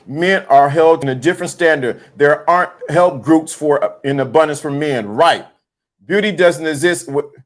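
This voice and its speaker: Animated high-voiced male livestream host. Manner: animated, emphatic, repeats himself; greets chat viewers mid-sentence. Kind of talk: casual livestream commentary.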